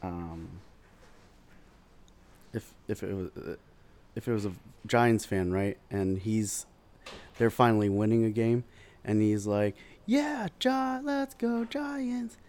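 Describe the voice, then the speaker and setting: A man's voice: fairly low pitch, slow pace, pauses often. A man telling stories in casual chat, swearing freely and acting out the voices of others. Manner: animated storytelling, acts out voices, swears freely.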